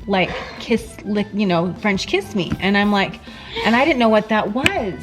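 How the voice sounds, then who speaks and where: Laughing mom telling stories in a car. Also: female voice, moderate pace, music in the background, rough recording. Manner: animated, laughing, quotes herself in high voice. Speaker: mother answering questions. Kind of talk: casual storytelling chat. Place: parked car in a garage.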